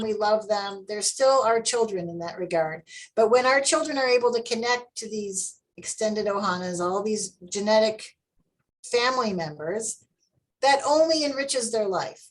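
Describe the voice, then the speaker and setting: A woman interviewing an author in a conversational webinar, enthusiastic and lively. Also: a little high, rough recording. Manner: enthusiastic, animated when quoting herself. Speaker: interviewer, adoptive parent.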